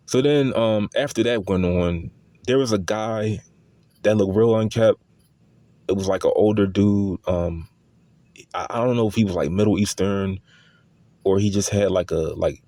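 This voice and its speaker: Low-voiced man telling a halting personal story. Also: a little mellow, no echo. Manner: halting, repeats words and restarts often, many fillers. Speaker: storyteller recounting a personal experience. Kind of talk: casual spoken testimony.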